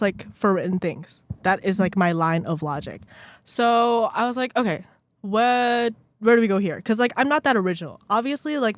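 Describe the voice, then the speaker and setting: A young woman hosts her own podcast in loose, rambling chat, peppering everything with "like" and laughing at herself. Her voice sits at a middle pitch, close and dry on a podcast mic, though she sometimes turns away from it. Her pitch and loudness jump around as she gets excited. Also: dry recording. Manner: rambling, self-deprecating, heavy use of "like"; lively swings in pitch and loudness. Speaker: podcast host. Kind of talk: casual solo podcast chat. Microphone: podcast microphone, sometimes speaking away from it.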